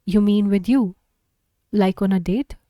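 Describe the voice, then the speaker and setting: A soft-voiced teenage girl asks gentle questions on the phone, read aloud by a woman. Her voice is mellow and warm. The recording is dry and close. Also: mid-range voice, unhurried, no room sound, lightly acted.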